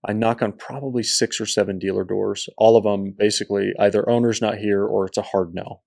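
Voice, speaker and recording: Gravelly low-voiced man telling a story. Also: fairly quick, few pauses. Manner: animated storyteller who acts out quoted people. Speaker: entrepreneur guest. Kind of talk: storytelling interview.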